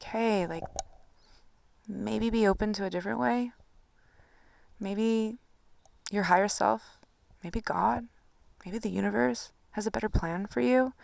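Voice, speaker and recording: A woman's voice: mid-range voice, creaky, dry recording. A woman coaching on anxiety in a loose, casual monologue, full of swearing and fillers. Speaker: spiritual coach.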